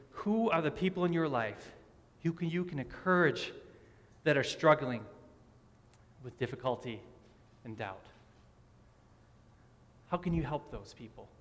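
A pastor preaches a sermon, posing rhetorical questions and hammering his points home through repeated phrases. His mid-range voice is animated and unhurried, with frequent pauses, and a large hall's long reverb surrounds it.

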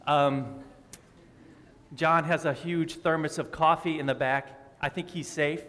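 Male preacher, 30s, light teasing banter with the pews, slightly high voice, long church reverb. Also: steady tone, measured pace, a bit bright. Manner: friendly, joking with the congregation. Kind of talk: sermon. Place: church sanctuary.

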